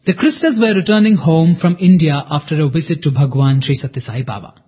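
A man's voice: fairly high pitch, animated, fairly quick, husky. A man narrating a devotional story in an earnest, dramatic way, reading quotes in the first person. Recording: muffled lo-fi recording.

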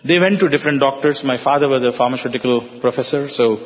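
Older Indian English man, echoey hall. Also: mid-range voice. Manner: halting, with frequent fillers and restarts, voicing others in quotes. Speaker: speaker giving a personal testimony. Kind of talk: storytelling talk to an audience. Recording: dull, echoey hall sound.

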